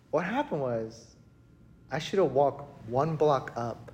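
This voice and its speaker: A male pastor preaching a sermon in a church, telling a story with animated, acted-out panic. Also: a little high, slow, pauses often, muffled recording. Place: church hall.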